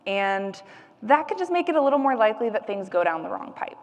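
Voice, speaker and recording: A woman's voice: mid-range voice, sing-song, brisk, in a large hall, muffled recording. A woman speech-language pathologist giving an educational presentation, explaining patiently with frequent fillers and demonstrating sounds.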